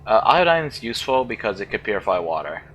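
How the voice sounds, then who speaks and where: A man's voice: fairly low pitch, big pitch swings, quick pace, a bit bright, slight background noise, low-quality recording. A man giving casual let's-play commentary, thinking aloud and often unsure, musing over how to pronounce words.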